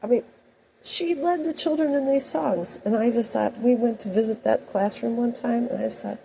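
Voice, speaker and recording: A woman's voice: fairly high pitch, moderate pace, gravelly, mellow, a little hiss or hum, low-quality recording. A woman telling personal stories in a rambling, anecdotal monologue full of asides. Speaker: host.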